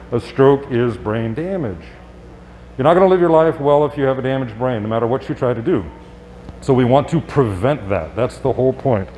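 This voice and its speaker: A male doctor giving a live presentation to an audience, speaking conversationally with quick asides and rhetorical questions. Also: medium pitch, a little mellow, a little hiss or hum. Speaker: physician giving a health talk. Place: public event space.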